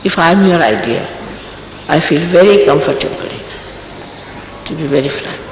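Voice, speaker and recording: A woman's voice: sits low, expressive, moderate pace. Scolding woman in an echoing hall. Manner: scolding, earnest, exhorting. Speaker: spiritual teacher. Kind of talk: spiritual talk to followers. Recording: echoey hall recording, faint noise.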